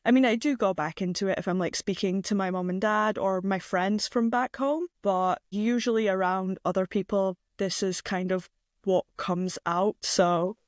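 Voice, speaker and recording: A young adult from Scotland with a softened Scottish accent, chatting reflectively as a podcast guest. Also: male voice, sits high, fairly even intonation, moderate pace, clean tone, dry recording, clean studio sound. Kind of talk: casual chat.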